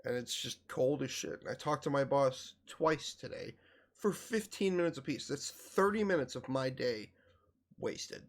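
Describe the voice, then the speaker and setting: Man, podcast host, casual chat, profane, animated storytelling, mid pitch. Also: unhurried.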